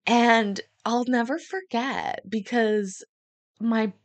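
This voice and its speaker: A woman's voice: on the high side, takes it slowly, no echo. A woman streamer casually telling a rambling, profane story to her live stream.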